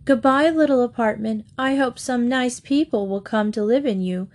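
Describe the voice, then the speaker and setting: A woman's voice: on the high side, normal speed, voice pushed up, natural voice. Woman doing Kathy, an eager young girl. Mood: wistful.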